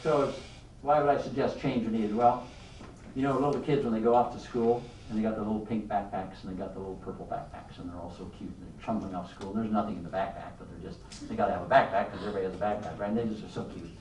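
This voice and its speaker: An older man giving a motivational leadership talk to a live audience, an animated storyteller who keeps asking the room questions. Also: on the low side, quick pace, echoey room, recorded from a distance, a little hiss or hum, low-quality recording. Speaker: leadership speaker.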